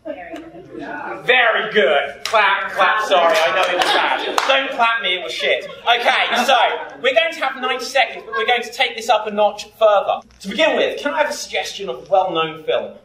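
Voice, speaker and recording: A man hosting a live improv comedy show, jokey and self-deprecating, quickly setting up games. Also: high-pitched, lively intonation, recorded from a distance, noisy background. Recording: roomy stage sound from afar.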